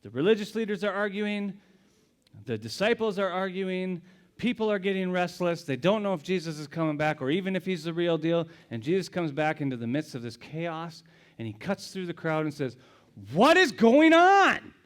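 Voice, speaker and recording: A man preaching a sermon as a pastor, his voice sitting a little high. He tells the story dramatically, sinking into hushed whispers and then rising into loud exclamations. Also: fairly quick, clean tone.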